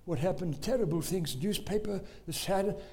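A man's voice: high-pitched, moderate pace, mellow. A middle-aged man with a South African accent preaching a sermon, emphatic and given to exclamations as he tells stories.

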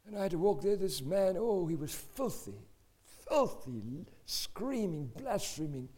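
A man's voice: high voice, big pitch swings, measured pace, darkish tone. A male preacher telling a personal testimony in an emphatic, dramatic storytelling style. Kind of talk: sermon testimony.

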